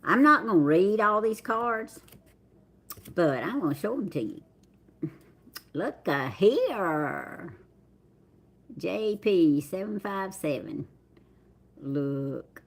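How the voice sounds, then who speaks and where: Drawing out her words and leaving long pauses, a middle-aged Southern woman speaks in a low, breathy voice with big pitch swings. She's hosting a livestream, chatting casually and reading viewers' names aloud in a drawl to greet them.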